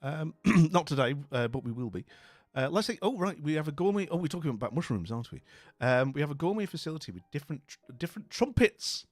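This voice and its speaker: A man's voice: on the high side, sing-song, quick pace, darkish tone, dry recording. A man from northern England, chatting casually and at a ramble while live streaming a game, with many asides like "you know what I mean".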